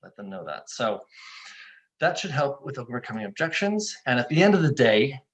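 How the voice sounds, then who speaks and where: A man with an ordinary mid-range voice hosts a webinar in a loose, conversational way. He is animated and playful, and slips into little acted quotes as he explains. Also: mid-range voice, normal speed, highs cut off. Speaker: webinar host, software founder.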